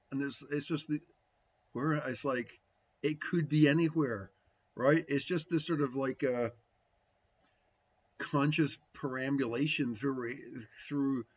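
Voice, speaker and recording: This man's medium-pitched voice comes through lo-fi as he muses on spiritual practice for his livestream viewers. A spiritual teacher answering questions, he rambles casually and keeps adding "right?"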